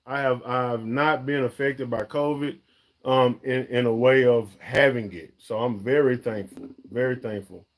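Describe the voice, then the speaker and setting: Man, chatty live-stream host, emphatic, mid-pitched. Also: fairly even intonation, moderate pace. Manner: chatty, emphatic, calls viewers "y'all" and "man". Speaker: fishing channel host. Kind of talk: casual live-stream chat.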